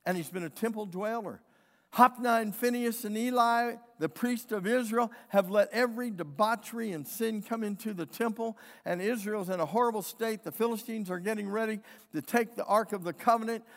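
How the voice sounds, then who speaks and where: A man preaching a sermon as a pastor, retelling a story with acted-out voices and moving between loud and hushed delivery. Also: high voice, big-room sound.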